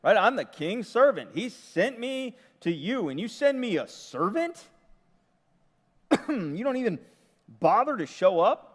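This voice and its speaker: A man's voice: on the high side, very animated, moderate pace, a bit bright, long reverb tail. A man voicing a proud, offended army commander who complains with scorn, in a sermon retelling. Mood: indignant.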